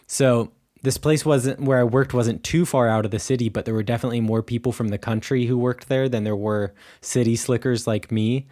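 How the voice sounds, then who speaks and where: Give me an American man co-hosting a casual podcast, loose and chatty, with a voice of middling pitch. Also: fairly even intonation, fairly quick, few pauses, dark tone. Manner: loose, rambling, heavy on "like" and "um". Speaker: podcast co-host.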